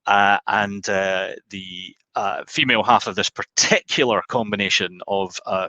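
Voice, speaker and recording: A man's voice: low-pitched, steady tone, a little slow, hardly any pauses, sharp tone, no echo, rough recording. A man hosting a webinar, chatty and self-deprecating, telling a joke with lots of ums. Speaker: webinar host. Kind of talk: casual joke-telling and sign-off.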